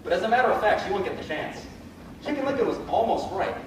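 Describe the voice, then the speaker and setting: A fussy, put-upon narrator, played by a man on a live stage, telling his tales in a fairly high, very lively voice full of exasperated asides. He sounds far off in an echoey hall, over a loud audience and steady background noise. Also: fast. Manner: storyteller patter, exasperated asides. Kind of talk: live stage comedy acting. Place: large indoor stage.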